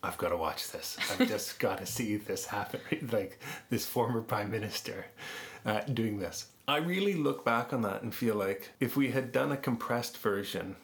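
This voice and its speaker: Lower-voiced man telling lively anecdotes. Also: creaky. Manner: animated anecdotes with frequent laughs. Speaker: podcast guest, producer. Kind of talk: conversational interview storytelling.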